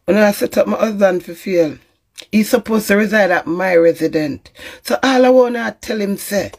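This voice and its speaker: A woman's voice: medium pitch, normal speed, slightly rough. Jamaican woman going off on a live stream, begging folks to leave her alone, lots of cussing. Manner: pleading, emphatic, swears often. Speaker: social media personality. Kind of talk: emotional live-stream rant.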